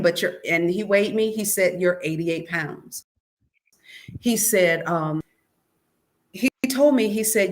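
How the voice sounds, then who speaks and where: Her pitch fairly low and her delivery animated but a little slow, an author interviewed about her book shares a personal story by quoting others, with "he said" asides. She comes across as earnest and searching, full of restarts and "um"s.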